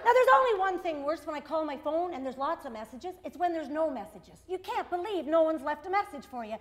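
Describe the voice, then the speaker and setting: A woman's voice: high voice, animated, fairly quick. A middle-aged woman doing a stand-up comedy routine, wry and self-mocking, with sudden exasperated bursts.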